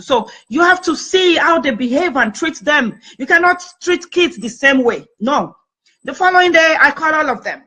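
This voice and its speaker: A woman's voice: high-pitched, pushed and bright, poor audio. A middle-aged woman hosting a family talk show, telling a personal story emphatically and repeating phrases for effect. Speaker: host and family therapist.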